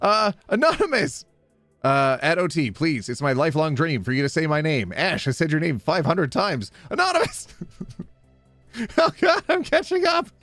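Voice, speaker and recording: A man's voice: a little high, huge pitch swings, moderate pace, fairly bright tone, dry recording, faint music behind. A man hosting a charity livestream, rattling off donor names, stumbling over spellings and tossing in chatty asides. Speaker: livestream host reading out donors. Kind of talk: charity livestream, rapid name roll call.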